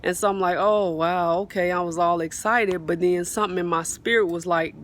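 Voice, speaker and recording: A woman's voice: on the low side, moderate pace, hardly any pauses, fairly bright tone, a little hiss or hum. A woman on a swing outdoors, giving a casual spoken faith testimony into a phone, fervent and repetitive, often calling out to her viewers. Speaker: faith vlogger sharing a testimony. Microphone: phone mic, sometimes partly covered.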